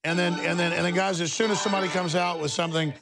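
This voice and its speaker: A man's voice: sits high, fairly even intonation, racing, gravelly, music in the background. A man hosting a show, mocking politicians with blunt, brash remarks as he comments live. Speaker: talk show host. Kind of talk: live commentary over a broadcast.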